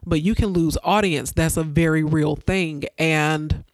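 A woman's voice: low-pitched, steady tone, unhurried, dry recording. Earnest woman podcaster, preacherly repetition. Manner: earnest, preacherly, repeats phrases for emphasis. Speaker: podcast host. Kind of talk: faith-based motivational podcast talk.

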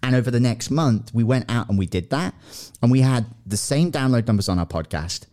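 A man in his thirties co-hosting a podcast, telling a story in casual chat and acting out quotes with excitement. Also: fairly quick. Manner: animated, acts out quotes in a high excited voice. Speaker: podcast co-host.

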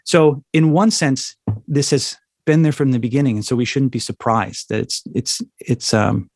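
A man's voice: mid-range voice, fairly even intonation, moderate pace, darkish tone, dry recording, studio quality. Thoughtful man explaining theology. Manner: reflective, explanatory, frequent "right?" tag questions. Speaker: guest, minister. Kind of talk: conversational theology discussion.

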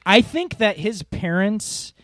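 A man's voice: high voice, very animated, slow pace, fairly bright tone, no echo, clean studio sound. A man co-hosting a podcast, talking animatedly about a film, laughing and jumping between tangents. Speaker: podcast co-host. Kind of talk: casual film-review chat.

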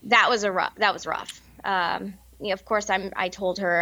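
A woman in her thirties speaking candidly in an interview, halting often with fillers and restarts. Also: mid-range voice, flat delivery, bright, forceful tone. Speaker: interview guest. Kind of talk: personal interview.

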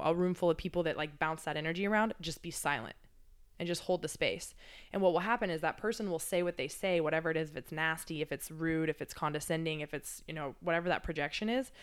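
Low, smooth-voiced woman, candid. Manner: candid, reflective, swears freely, many fillers. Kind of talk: casual chat.

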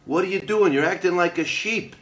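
A man's voice: sits high, brisk, a bit bright, voice pushed up. A man voicing a wise grown male lion who patiently urges a younger one. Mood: urging. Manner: coaxing, insistent.

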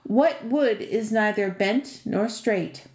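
Brief: woman reader doing a cruel riddling giant, slow menacing delivery, roomy sound. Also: medium pitch, a little mellow. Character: hungry three-headed male giant, riddling and cruel.

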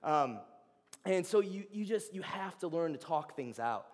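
Young male ministry speaker, high-pitched, lively and casual, heard with a long reverb in a large hall. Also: unhurried. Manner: animated, chatty storyteller. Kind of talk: informal sermon with personal stories.

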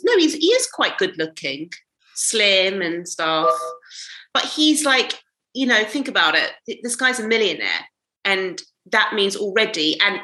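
A woman's voice: mid-range voice, pushed and bright. A woman co-hosting a podcast, ranting bluntly and swearing in casual chat. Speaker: podcast co-host. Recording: roomy echo.

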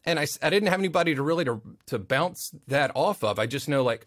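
A man's voice: a little high, fast talker, hardly any pauses, dry recording, studio quality. A man chatting as a podcast guest, telling anecdotes with energy and acting out the other people in them. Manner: animated storyteller, acts out the voices in his anecdotes. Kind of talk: casual storytelling chat.

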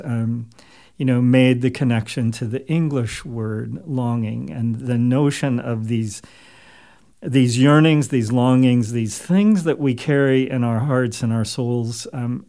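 Male author guest, gravelly voice, reflective and unhurried with pauses. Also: mid-range voice, darkish tone. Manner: thoughtful, measured, many pauses and fillers. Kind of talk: reflective interview talk.

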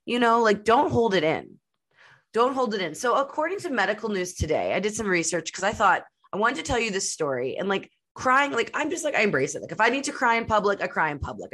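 A woman's voice: sits low, a bit bright. A woman hosts a podcast, telling a personal story in a candid, emotional way, full of "like" fillers. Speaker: podcast host.

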